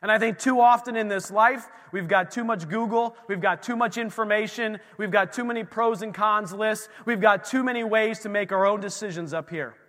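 The preacher's voice sits high, moving at a moderate pace with few pauses, pushed and bright. This middle-aged man delivers a conversational sermon to a congregation, performing bits of dialogue, and the sanctuary recording has a long hall reverb.

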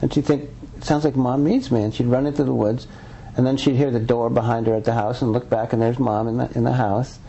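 A man's voice: medium pitch, flat delivery, fast, gravelly, hardly any pauses, warm tone, slightly rough, lo-fi sound. A man being interviewed as an author and researcher, talking earnestly and rambling with frequent restarts. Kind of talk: conversational interview.

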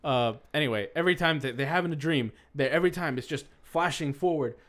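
A man in casual comedic chat, building absurd scenarios with growing excitement. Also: fairly high pitch, fast. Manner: animated, spins absurd tangents.

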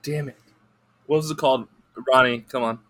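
Podcast guest: a man with a bright, forceful voice, excitable and laughing. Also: mid-range voice, moderate pace. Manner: excitable, laughing, stumbling restarts. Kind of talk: casual chat.

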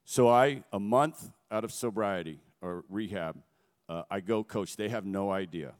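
A middle-aged man giving an earnest, halting personal testimony from a stage before a gathering. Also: lowish voice. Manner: earnest, halting, emotional storytelling. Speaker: guest speaker. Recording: long echo of a large hall.

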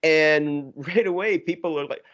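A man's voice: fairly high pitch, a little slow, fairly bright tone, dull audio. A man co-hosting a casual hockey podcast, chatty and laughing as he talks. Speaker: podcast co-host.

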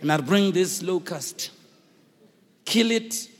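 A South African man preaching a sermon as pastor, with fervent shouted emphasis and call-and-response, recorded in a church hall. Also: sits high, animated, takes it slowly, slight background noise. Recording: echoey hall reverb.

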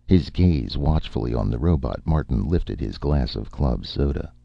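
A man narrating an audiobook story in a steady, measured storytelling voice. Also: rumbling low, vocal fry, lo-fi sound, slight background noise. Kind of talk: scripted narration.

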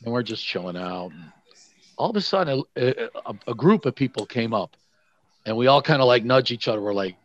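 A man's voice: mid-range voice, brisk, dry recording, lo-fi sound. A middle-aged man, telling a story casually and acting out the voices of his friends. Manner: animated, acts out quotes with swearing. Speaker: guest storyteller.

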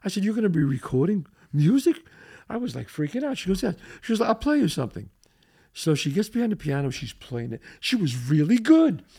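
An older man, hosting a podcast and telling a profane, animated story in which he acts out the quotes. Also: high-pitched, fairly quick, vocal fry, husky. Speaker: host.

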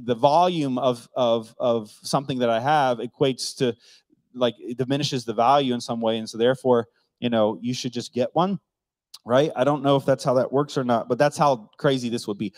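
A man's voice: on the high side, normal speed, dry recording. A man preaching a casual, joking sermon, asking the congregation questions and acting out the people he quotes. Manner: joking, conversational, asks the crowd questions; acts out quoted voices. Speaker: pastor.

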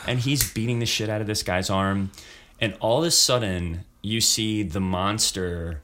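A man's voice: on the low side, a little slow, a bit bright, a little hiss or hum. A man in casual podcast chat, telling a story in a loose, rambling way with many fillers. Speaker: improv performer, guest.

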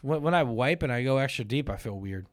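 A man's voice: mid-range voice, fairly quick, no echo. A young American man co-hosting a crude, casual podcast chat, rambling and laughing. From United States. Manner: rambling, laughing, animated with sudden shouty bits. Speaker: podcast co-host.

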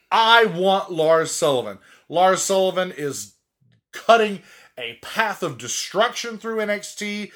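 A man's voice: a little high, a bit bright. A young man from the States riffs through podcast banter in a slightly raised register. He jokes around playfully and keeps laughing between lines. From United States. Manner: jokey, playful, laughs often. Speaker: podcast co-host.

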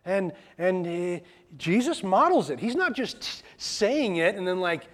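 Male pastor, casual plain-spoken sermon, high, very expressive voice. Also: a little slow. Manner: animated, plain-spoken, drops into casual asides and acted quotes. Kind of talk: conversational sermon.

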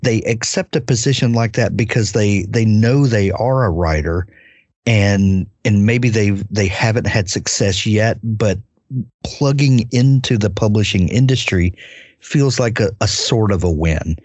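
A man hosts a casual podcast interview, talking in a halting way and repeating words as he works toward his point. His voice is fairly low and husky, recorded dry and close. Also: a little mellow, dry recording. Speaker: podcast host.

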